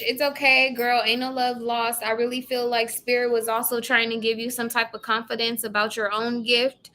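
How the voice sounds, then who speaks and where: Woman tarot reader, casual live session; blunt, chatty, a bit high in pitch. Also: bright, forceful tone. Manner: chatty, blunt, swears casually, addresses viewers by name.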